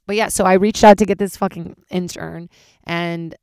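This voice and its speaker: Woman comic, solo podcast, low-pitched, dry close sound, rambling, swears a lot. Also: moderate pace, smooth, dry recording. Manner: rambling, profane, with big sudden jumps into high excited voices. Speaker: stand-up comedian and podcast host. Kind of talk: casual solo podcast chat.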